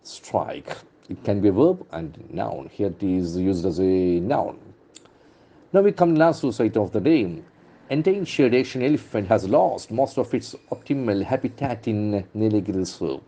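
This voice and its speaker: A middle-aged man leads an English lesson, going through newspaper words and repeating each one to show where the stress falls. His voice sits low and sounds dark and mellow. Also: animated, moderate pace. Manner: drills pronunciation by repeating words with stressed syllables. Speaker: English trainer.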